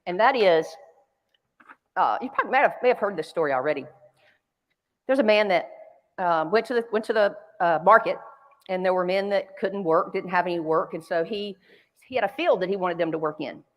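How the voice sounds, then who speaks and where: A woman's voice: fairly low pitch, expressive, brisk, long pauses, lo-fi sound. A woman from North Carolina with a Southern accent, giving a keynote talk as a chatty, self-deprecating storyteller in a large conference hall. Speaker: keynote speaker. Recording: long hall reverb.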